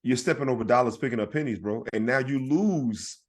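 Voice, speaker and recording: A man's voice: medium pitch, fairly quick. Emphatic man on a casual podcast. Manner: animated, emphatic, asks for agreement a lot. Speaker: podcast co-host, comedian.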